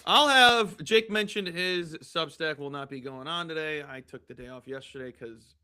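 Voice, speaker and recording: A man co-hosts a sports betting podcast with breezy, joking banter. His voice is bright and forceful and sits a little high. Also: moderate pace, smooth. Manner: breezy banter, punchy plugs. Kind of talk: casual podcast chat with ad reads.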